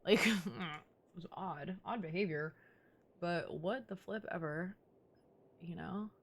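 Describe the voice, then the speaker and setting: A woman's voice: on the low side, takes it slowly. Chatty playful young woman streamer. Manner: chatty and playful, teasing her chat, frequent "like". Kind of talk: casual live-stream chat.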